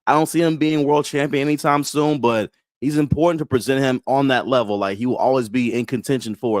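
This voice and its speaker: Male co-host, animated and joking, casual wrestling banter. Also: mid-range voice, fairly quick, no room sound.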